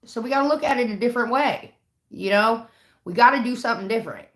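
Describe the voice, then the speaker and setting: A woman's voice: a little high, fast, a bit bright. A woman on a livestream telling a long, exasperated, profanity-laced story in casual chat. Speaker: livestream host. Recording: roomy echo.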